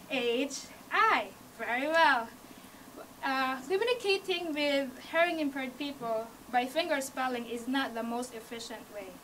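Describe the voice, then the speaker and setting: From a distance, a camcorder across a university media room records a high-voiced woman with a Hawaii accent teaching sign language basics to a small audience. She's unhurried and fairly bright, encouraging listeners through each step, though her phrasing is non-native with small grammar slips. The low-quality recording has slight background noise.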